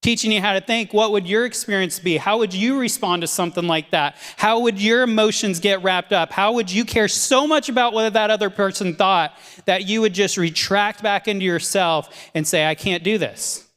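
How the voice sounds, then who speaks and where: A man with a notably high voice tells a training story with animated energy, laughing between anecdotes. His voice rings out with a long reverb trailing behind it. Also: normal speed, hardly any pauses. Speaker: team leader giving a training talk. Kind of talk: motivational storytelling.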